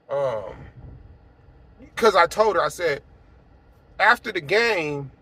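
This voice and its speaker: Man, 40s, conversational testimony, fillers, slightly high voice, faint vehicle noise. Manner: conversational, many fillers, swings from quiet to emphatic. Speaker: apostle sharing a personal testimony. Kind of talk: casual spoken testimony.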